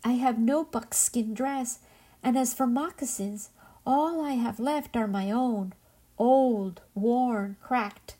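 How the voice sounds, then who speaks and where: A woman's voice: fairly high pitch, slow pace, mellow. A woman voicing a poor, sorrowful old father in a folktale, speaking apologetically and wearily. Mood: sorry. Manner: apologetic and weary.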